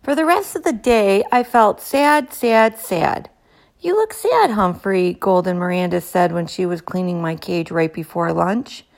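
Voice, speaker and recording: A woman reading a children's chapter book aloud in a gentle, expressive way. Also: on the low side, a little slow, creaky, hardly any pauses. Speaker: storybook reader.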